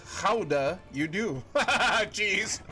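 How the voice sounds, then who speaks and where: A man's voice: high voice, pushed and bright. A man streaming a video game live, joking with his chat and laughing often. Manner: jokey, laughs often, chats with viewers.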